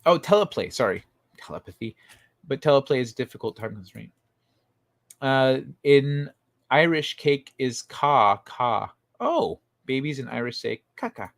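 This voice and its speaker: A man's voice: mid-range voice, very animated, unhurried, vocal fry, no echo. A man hosting a casual livestream, rambling through tangents, reading chat comments aloud, laughing often and swearing freely. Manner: rambling, with frequent fillers and tangents. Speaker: livestream host.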